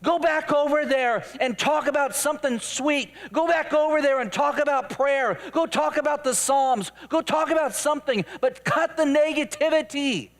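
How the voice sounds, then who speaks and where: A man playing an eager adult male disciple who frets about losing his popularity, protesting in a whiny, pleading, rapid-fire way. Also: extremely high pitch, pitched above the performer's own voice.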